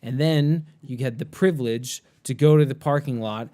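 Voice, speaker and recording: A man's voice: mid-range voice, moderate pace, mellow. A man co-hosting a podcast in casual chat, laid-back, rambling and profane. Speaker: podcast co-host.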